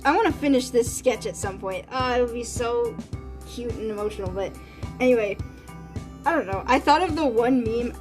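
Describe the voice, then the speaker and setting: A woman streaming as an artist, chatting casually and rambling with many fillers and restarts. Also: on the high side. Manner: rambling, full of fillers and restarts, quick quoted voices. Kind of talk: casual livestream chat.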